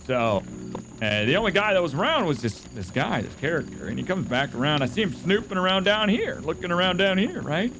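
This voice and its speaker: A man's voice: fairly high pitch, sing-song, fast, heavy background noise. A man in a role-play game, telling a rambling story casually with many fillers and restarts.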